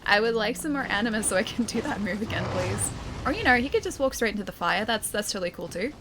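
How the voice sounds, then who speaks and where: A woman's voice: medium pitch, animated, quick pace, noisy background. A woman streaming a game live, chatting playfully with her viewers and joking as she plays. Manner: playful, chatty, jokey asides.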